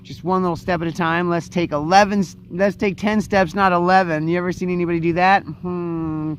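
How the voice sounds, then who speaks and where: With a steady, high-pitched voice, a man runs his own show through a lighthearted, theatrical monologue, drawing out words to heighten the drama. A little hiss or hum sits in the background.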